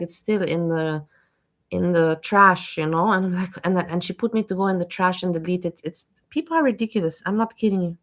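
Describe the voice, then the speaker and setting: A woman chats casually as a host. She is emphatic and chimes in with her own stories. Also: on the low side. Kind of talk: casual chat.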